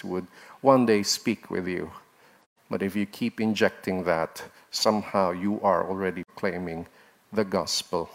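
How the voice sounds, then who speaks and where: A man preaching a sermon in an earnest, exhorting manner, his voice rising sharply at points of emphasis. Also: lowish voice. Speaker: pastor.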